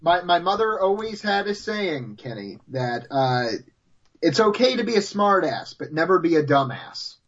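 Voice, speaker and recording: Sex: man. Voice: husky, lo-fi. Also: fairly high pitch, sing-song, moderate pace, fairly bright tone. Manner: easygoing, chimes in with short agreements. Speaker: podcast co-host. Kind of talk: casual podcast chat.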